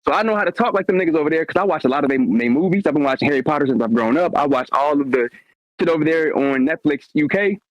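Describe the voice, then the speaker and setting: Fast-talking man on a dull dry mic. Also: a little high, expressive, dry recording. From Indiana. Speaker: podcast co-host. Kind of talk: casual podcast chat.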